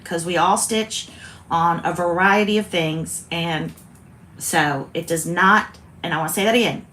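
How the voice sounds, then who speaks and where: A woman's voice: fairly low pitch, measured pace, a bit bright. Chatty woman host. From South Carolina. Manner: chatty, rambling, self-interrupting. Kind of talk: casual chat.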